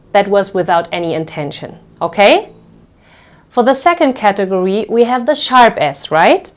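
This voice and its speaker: A woman gives a pronunciation lesson with a mid-pitched voice. She takes her time, drawing each sound out so it can be copied. She keeps checking in with her students. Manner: patient, explains slowly with frequent "okay?" checks; demonstrates sounds by stretching them out. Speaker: language teacher.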